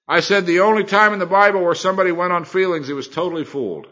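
A man's voice: fairly high pitch, lively intonation, quick pace, bright, forceful tone, dull audio. A middle-aged man, a Bible teacher, preaching a sermon in a folksy, colloquial storytelling manner.

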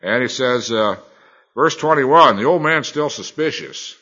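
A man's voice: mid-range voice, lively intonation, unhurried, bright, forceful tone, muffled recording. A middle-aged man, a Bible teacher, preaching a sermon in a folksy, colloquial storytelling manner.

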